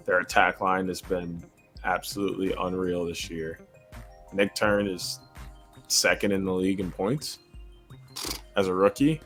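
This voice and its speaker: A man co-hosting a casual sports podcast, laid-back and slangy in his picks talk. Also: low-pitched. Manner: laid-back, slangy, breaks into loud laughs. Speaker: podcast co-host.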